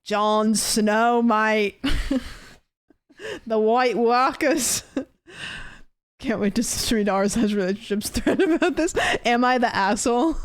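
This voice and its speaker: A woman's voice: mid-range voice, no echo. A young woman streaming, chatting casually and mocking herself with frequent laughs. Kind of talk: casual chat. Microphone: desk mic.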